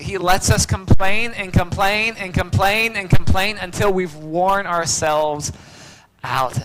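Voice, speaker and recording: A man preaching a sermon as pastor, swinging from loud cries to hushed near-whispers. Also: fairly high pitch, background noise.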